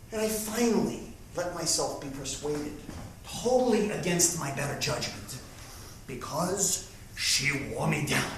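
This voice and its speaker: A man acts out a harried, exasperated fellow who tumbles over his words as he vents about family drama. His pitch leaps up and down with lively swings. The stage recording is echoey, heard from far off with a faint hum. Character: flustered, harried man caught in family squabbles. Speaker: stage actor. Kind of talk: theatrical monologue. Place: theatre stage.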